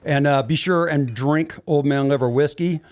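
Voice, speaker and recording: A man's voice: fairly high pitch, normal speed, a little mellow. A man hosting a podcast in casual chat, with a laid-back, joking manner and a lot of swearing. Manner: laid-back, profane, jokey. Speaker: podcast host.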